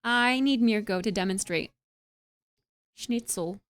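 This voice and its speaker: Chatting casually on stream, a young adult woman reads messages from her live chat and answers them with bubbly energy, often using "like." She talks at a normal speed in a fairly high voice.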